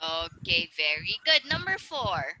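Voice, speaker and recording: A woman tutoring English one-on-one over a video call, speaking slowly and encouragingly and modeling intonation for her student. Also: on the low side, very animated, bright, forceful tone, a little hiss or hum, low-quality recording.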